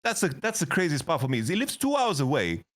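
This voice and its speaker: A man's voice: a little high, wildly swooping pitch, fast talker, a bit bright. A young man, an esports coach, telling stories in a casual interview, swearing, laughing often and acting out the voices of people he quotes.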